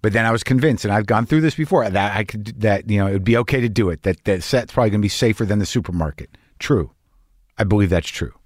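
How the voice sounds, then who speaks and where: A man's voice: lowish voice, fast, darkish tone, dry recording. Give me a middle-aged man in a casual vlog, earnest and rambling, with a dry, close sound. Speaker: actor. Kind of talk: casual personal vlog monologue.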